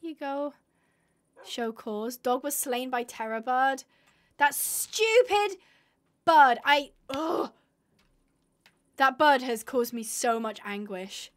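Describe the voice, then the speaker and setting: A woman's voice: high-pitched, animated, slow, pauses often. A woman streaming a game live, talking to her viewers with big emotional swings from glum muttering to shrieking distress. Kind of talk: live gameplay commentary.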